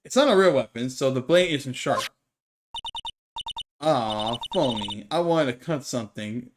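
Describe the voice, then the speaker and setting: A streamer playing a game who reads every character's dialogue aloud in one voice and breaks off for quick asides to viewers. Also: mid-range voice, animated, noisy background. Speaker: let's play streamer. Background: game music.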